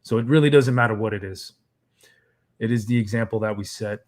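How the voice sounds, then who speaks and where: A man in his thirties co-hosting a live fatherhood Q&A, speaking in a reflective, easygoing way with frequent pauses to think. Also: lowish voice, a little mellow. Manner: reflective, many "um" fillers, easygoing. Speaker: co-host, fatherhood coach. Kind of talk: live Q&A advice talk.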